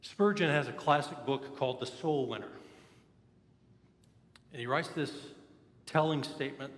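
A man's voice: medium pitch, unhurried, pauses often. A man preaching a sermon, telling personal stories in an earnest, candid way. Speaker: pastor. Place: church sanctuary. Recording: echoey church hall.

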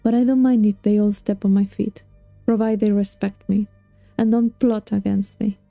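A woman's voice: medium pitch, level tone, normal speed, gravelly, mellow, dry recording, faint music behind, natural voice. A woman voicing a suspicious, grumbling male emperor in a storybook reading, ranting indignantly.

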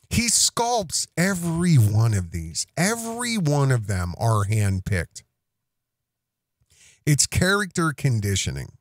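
A man's voice: mid-range voice, wildly swooping pitch, slow, no room sound, clean studio sound. A man hosting a podcast, delivering accusatory commentary in an emphatic way, repeating himself and restarting phrases. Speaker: podcast host.

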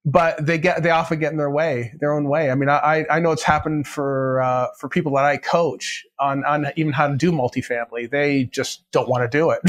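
Higher-voiced male podcast host. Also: steady tone, brisk, few pauses. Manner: conversational, agreeing and building on the guest's points. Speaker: podcast host and real estate coach. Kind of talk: casual interview chat.

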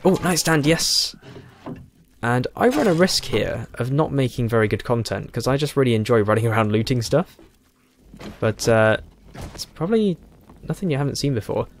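A man giving casual let's play commentary, thinking aloud and chuckling, with a hoarse voice and a frog in his throat. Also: medium pitch, lively intonation, normal speed, a little hiss or hum. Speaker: game streamer.

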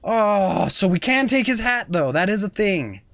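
Giggly young gamer, lively voice. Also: mid-range voice, moderate pace, no echo, faint music behind. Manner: giggly, playful, talks as the goose. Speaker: gaming video host. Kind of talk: let's play commentary.

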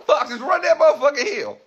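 A man's voice: very high voice, animated, moderate pace, a bit bright, highs cut off. A man with a Washington DC accent, ranting boastfully on a livestream into a handheld phone camera, swearing and laughing often. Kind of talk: rambling livestream rant.

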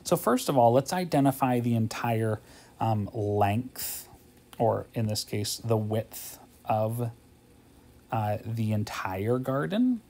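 Slow, mellow, and expressive, this medium-pitched male voice guides a math homework walkthrough. He thinks aloud in a relaxed way, seems tired and yawns, and frequently asks "okay?".

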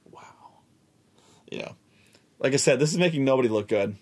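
A man telling a casual, profane story about a tabletop game, animated and exasperated, often repeating himself. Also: mid-range voice, brisk, slightly rough.

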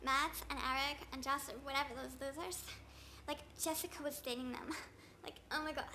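High, bright valley-girl woman ranting. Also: steady tone, moderate pace, slight background noise. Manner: valley-girl talk, constant "like" and "oh my god". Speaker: vlogger. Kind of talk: gossipy comic rant monologue.

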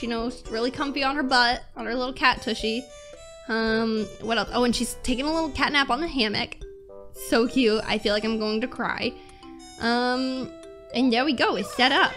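A woman's voice: fairly high pitch, moderate pace, music in the background. A young American woman giving casual, gushing commentary while playing a cozy mobile game. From United States. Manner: chatty, gushing with fillers. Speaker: gaming YouTuber.

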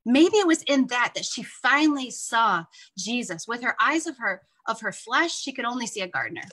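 A woman with a bright, fairly high voice leads a morning devotional. She talks to her listeners in an earnest, heartfelt and conversational way, as if sharing with friends. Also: sing-song, normal speed, low-quality recording. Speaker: Bible study leader. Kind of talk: devotional teaching.

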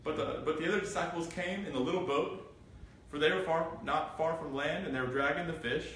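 A man's voice: fairly high pitch, a little fast. A man preaching an interactive Bible study, reading scripture and asking the group questions. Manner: animated, asks the group questions, reads scripture aloud. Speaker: pastor. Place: church room. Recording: echoey room from far off, faint noise.

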